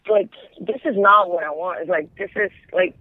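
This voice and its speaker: A man's voice: high-pitched, normal speed, dry recording. A man calling in to tell a long personal story in a casual, rambling way, with "like" in nearly every phrase. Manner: rambling, heavy use of "like". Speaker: caller. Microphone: telephone. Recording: tinny phone line.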